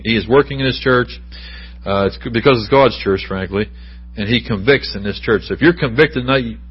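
A man's voice: medium pitch, husky. A middle-aged man preaching a sermon in a church sanctuary, talking conversationally and putting questions to the congregation. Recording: dull lo-fi church recording.

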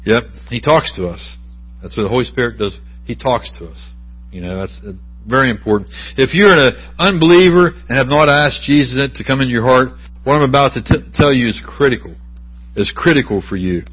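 Middle-aged male preacher, husky, conversational sermon delivery, muffled church recording. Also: mid-range voice, fairly quick. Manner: conversational preaching with asides and questions to the congregation. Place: church sanctuary.

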